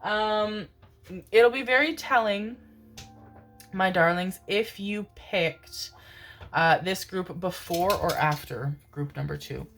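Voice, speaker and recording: A woman's voice: mid-range voice, slow pace, fairly bright tone, soft background music. A woman giving a casual tarot reading, chatty and self-mocking, often calling her listeners "my darlings" and laughing at herself. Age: adult parent. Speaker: tarot reader.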